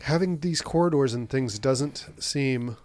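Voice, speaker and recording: Male co-host, conversational and animated, mid pitch, dry booth sound. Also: no room sound. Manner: animated retelling with quick asides and restarts. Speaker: podcast co-host. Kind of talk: casual chat about movies.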